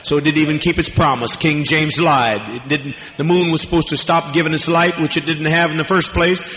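A man's voice: a little high, steady tone, brisk, fairly bright tone. A man preaching at a healing service, cursing freely and barking commands at the congregation. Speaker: preacher and faith healer. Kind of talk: fiery healing-service sermon. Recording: dull lo-fi archive recording in a reverberant hall.

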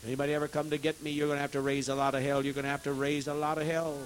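A man preaching to a congregation, swinging between loud, forceful outbursts and hushed, heavy tones, repeating phrases to exhort his listeners. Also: fairly high pitch, level tone, racing, background noise. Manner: repetitive, exhorting. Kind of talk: impassioned sermon.

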